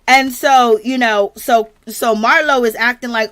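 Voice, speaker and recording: Chatty gossiping woman, higher voice. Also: normal speed, fairly bright tone. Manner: chatty, gossipy, addresses viewers as girl. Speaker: commentary channel host. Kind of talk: casual recap chat reading viewer comments.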